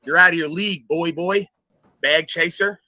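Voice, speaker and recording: A man hosting a livestream, ranting in a profane, boastful way that jumps between loud outbursts and low muttering. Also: normal speed, dry recording. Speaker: livestream host.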